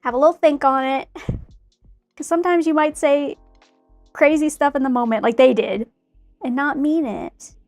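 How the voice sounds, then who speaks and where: A woman's voice: sits high, moderate pace, pauses often, a little mellow, no room sound, soft background music. A young woman chatting casually in a bubbly, rambling way while she paints a figure. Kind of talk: casual chat while crafting.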